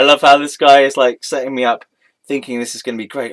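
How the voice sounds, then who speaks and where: A man's voice: mid-range voice, level tone, fast. A man reading a web page aloud and mocking it, often breaking into laughter and mock-dramatic outbursts. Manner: giggly, keeps breaking into laughter.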